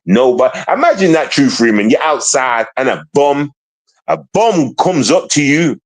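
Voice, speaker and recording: A man's voice: medium pitch, big pitch swings, normal speed. A man on a casual livestream ranting at online trolls, confrontational and profane, repeating himself often.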